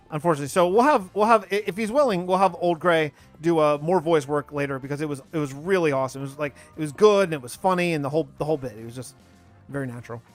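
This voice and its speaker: A man in his thirties chatting casually on a live stream, rambling while he plays and answers chat. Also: a little high. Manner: rambling, talks over gameplay and answers chat.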